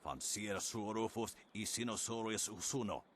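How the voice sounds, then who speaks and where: A gruff old martial arts master, voiced by a man speaks an invented tongue in a very deep yet bright, forceful voice. His game dialogue carries a faint ambient hiss. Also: normal speed, lightly acted.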